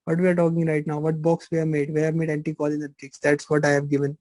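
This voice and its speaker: A middle-aged man teaches pharmacology in a live online class. His voice sits a little high but stays flat and mellow. The recording is dry and close. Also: quick pace, dry recording, low-quality recording. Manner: repetitive, asks rhetorical questions, teasing. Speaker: pharmacology lecturer.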